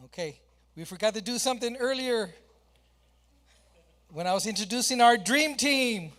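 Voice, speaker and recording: At a reception in a large hall, a woman presenter gives a lively, upbeat speech, joking playfully through technical glitches. Her voice sits on the high side and is expressive and a bit bright at a normal speed, and the hall is echoey with faint background noise.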